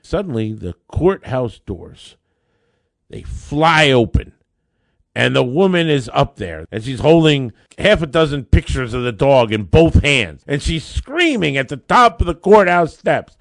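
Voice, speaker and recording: Animated male lawyer telling a story. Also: mid-range voice, unhurried, creaky, no echo, clean studio sound. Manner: animated, builds up excitement in anecdotes. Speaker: podcast host, lawyer. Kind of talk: casual storytelling.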